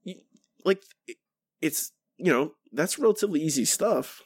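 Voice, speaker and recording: A podcast co-host, this man talks fairly quickly in a mid-range voice, animated and casual, rambling and restarting often. The recording has studio quality and no room sound.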